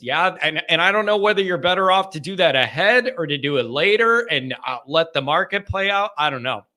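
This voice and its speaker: Man, call-in host, high and bright voice, joking rants, casual chat. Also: lively intonation, brisk, few pauses. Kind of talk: live call-in fan chat.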